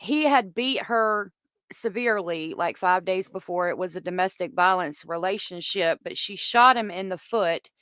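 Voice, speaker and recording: A woman's voice: lowish voice, normal speed, fairly bright tone, smooth, no room sound. Chatty woman livestream host, dry sound. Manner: chatty, gossipy, reads viewer comments aloud. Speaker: true crime livestream host. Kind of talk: casual livestream chat.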